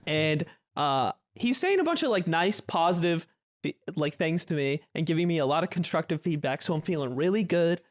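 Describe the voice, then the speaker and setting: A man telling a long story in a casual podcast chat, animated and often laughing as he goes. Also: fairly high pitch, normal speed. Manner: animated, laughing, restarts phrases.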